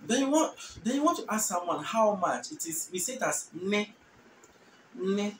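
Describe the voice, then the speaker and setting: A Ghanaian man teaching a language lesson, repeating each phrase slowly and translating it patiently. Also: sits high, big pitch swings, fairly bright tone. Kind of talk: relaxed spoken language lesson. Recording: roomy, distant mic with faint noise.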